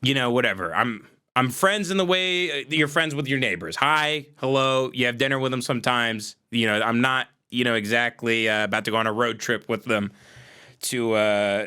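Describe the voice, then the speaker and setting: A livestream host, a man, talking into his desk mic in a casual rant. His voice is bright and sharp. He sounds exasperated and profane, and he shouts now and then. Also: mid-range voice, clear, resonant tone. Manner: shouts at times. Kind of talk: casual ranting monologue.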